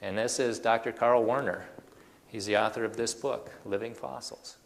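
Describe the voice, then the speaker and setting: Gravelly-voiced male speaker, animated and folksy, lots of rhetorical questions, long hall reverb. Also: on the low side, moderate pace, a little hiss or hum. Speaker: creationist speaker. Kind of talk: presentation to an audience.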